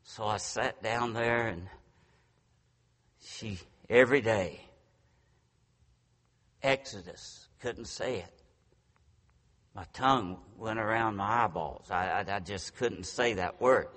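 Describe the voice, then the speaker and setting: A man's voice: lowish voice, slow pace, long pauses, a bit bright. A man in his sixties preaching a storytelling sermon, folksy and self-deprecating. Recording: long reverb from a large hall.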